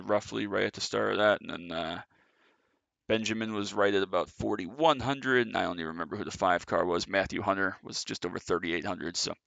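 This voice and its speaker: Here a sim racing streamer, slightly breathless, talks through his own race in a loose, chatty way, leaning on fillers and fixing his words as he goes. His voice sits on the low side with vocal fry and a pushed, bright quality, recorded with no room sound.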